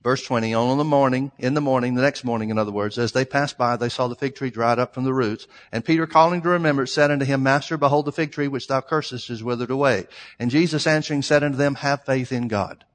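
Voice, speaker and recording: A man's voice: mid-range voice, fast talker. A man preaching a sermon, emphatic, stretching out the scripture lines he reads. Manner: emphatic, reads scripture in old-style phrasing. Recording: long hall reverb.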